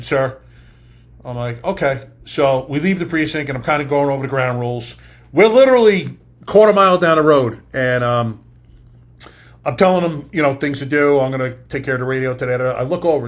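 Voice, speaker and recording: A middle-aged man hosting a podcast, telling an animated, profane story in a casual way. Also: mid-range voice. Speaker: podcast host, former police officer. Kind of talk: casual interview chat, animated anecdote.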